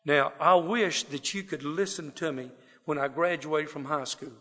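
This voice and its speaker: Telling his recovery story to a live crowd, a middle-aged South Texas man with a drawl keeps it folksy and pokes fun at himself. His voice runs a little high, bright and forceful, at a normal clip. A long hall reverb trails each line.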